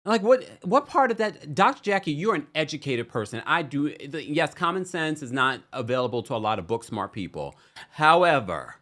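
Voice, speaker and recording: Animated man with a lively voice. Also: medium pitch. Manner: animated, opinionated, chatty. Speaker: recap show host. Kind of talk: casual livestream recap, reading chat.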